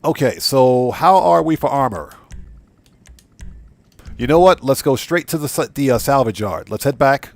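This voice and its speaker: A man's voice: medium pitch, lively intonation, moderate pace, pauses often, dry recording. A man hosting a casual gaming live stream, chatting with viewers, thanking them by name and reading out their messages. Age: adult with a wife and child.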